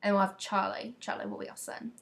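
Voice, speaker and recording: A woman's voice: medium pitch, sing-song, fast talker, vocal fry. A teenage girl putting on a playful British accent to play a giddy, showing-off British girl. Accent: put-on British.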